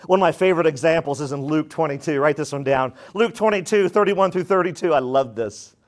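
A man preaching a sermon, emphatic and asking the congregation questions, swinging between loud declarations and quiet asides. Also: fairly high pitch, fairly quick. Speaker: pastor.

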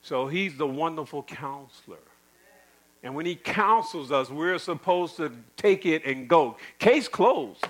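A man's voice: on the high side, expressive, measured pace, low-quality recording. A middle-aged man preaching a sermon in an emphatic, repetitive way, with folksy asides.

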